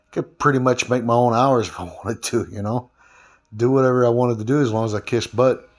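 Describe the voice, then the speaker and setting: A man's voice: mid-range voice, steady tone, a little fast. Rambling man ranting to camera. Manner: rambling, frequent fillers and restarts; aggrieved. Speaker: former delivery driver. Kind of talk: casual vlog rant.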